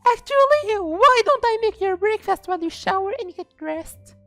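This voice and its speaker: A man voicing a clingy, sweet female kraken monster girl in an eager, doting falsetto while reading a game's dialogue. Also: animated, normal speed, bright, forceful tone, faint music behind, exaggerated voice. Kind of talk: reading game dialogue aloud.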